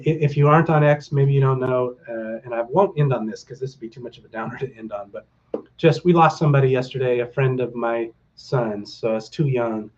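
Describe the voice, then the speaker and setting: A man's voice: mid-range voice, a little mellow, muffled recording. A middle-aged man hosting a casual livestream for his viewers, rambling and upbeat, with lots of fillers and a rallying tone. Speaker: stock market livestream host.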